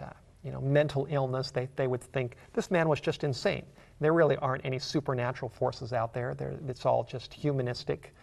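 A man's voice: medium pitch, creaky. A man preaching a sermon. He explains a Bible passage as a story in an earnest way and builds to emphatic questions.

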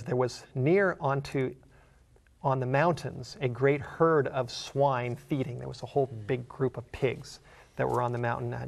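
Guy with a gravelly voice teaching bible study, earnest, slows way down reading verses. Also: medium pitch, darkish tone. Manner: earnest, slows down to read scripture aloud; asks the listener questions, rising in force.

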